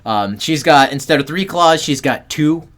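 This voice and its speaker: A man's voice: a little high, lively intonation, moderate pace, a bit bright. Man explaining a film at length. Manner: explains at length, swears casually. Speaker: podcast co-host. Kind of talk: casual movie review chat.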